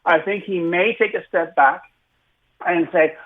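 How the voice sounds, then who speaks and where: A man with a Canadian accent gives political commentary on the radio. His voice sits a bit high, and his delivery is sardonic and loose, with plenty of fillers and restarts. He comes through a narrow, phone-like line. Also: brisk. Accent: Canadian English.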